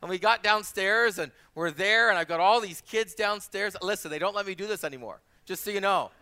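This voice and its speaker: A man's voice: sits high, fairly quick, clear, resonant tone. A man in his forties, a pastor preaching a sermon, telling personal stories and repeating phrases for emphasis. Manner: animated storyteller, acts out quoted voices.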